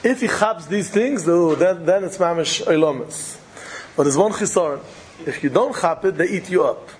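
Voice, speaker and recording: A man's voice: high voice, animated, moderate pace, husky, poor audio. A man delivering an impassioned storytelling sermon, repeating phrases for dramatic weight. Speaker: preacher.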